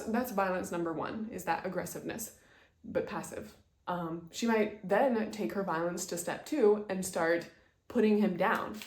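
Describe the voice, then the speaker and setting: A woman's voice: on the low side, darkish tone. A woman presenting an instructional talk, earnestly explaining ideas through example stories. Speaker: presenter teaching communication skills. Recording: echoey room.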